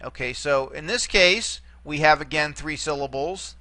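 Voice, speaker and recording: A man's voice: medium pitch, a little slow, pushed and bright. A man giving a recorded language lesson, explaining rules step by step and often checking in with "okay?". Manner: repeats words and checks in with "okay?". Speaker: Greek teacher. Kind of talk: recorded lecture.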